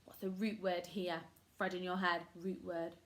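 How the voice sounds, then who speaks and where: A woman's voice: fairly low pitch, flat delivery, normal speed. A woman teaching a phonics lesson to young children, upbeat and encouraging, sounding words out syllable by syllable. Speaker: primary school teacher.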